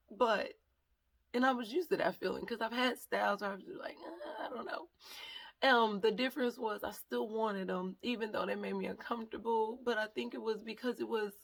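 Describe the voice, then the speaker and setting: A woman's voice: a little high, gravelly, a bit bright. A woman vlogger, talking openly and emotionally in a rambling, heartfelt way, tearful at times. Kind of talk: emotional casual vlog talk.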